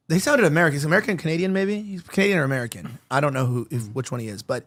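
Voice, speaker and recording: A man hosting an opinionated commentary show, talking in a rapid, heated, rambling way with many restarts. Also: fairly high pitch, fairly bright tone. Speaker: show host.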